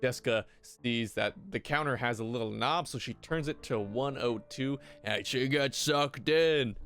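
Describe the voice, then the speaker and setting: A man's voice: mid-range voice, measured pace, a bit bright, faint music behind. A man recapping a TV episode for a video in a casual, mocking, irreverent way. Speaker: YouTube commentator.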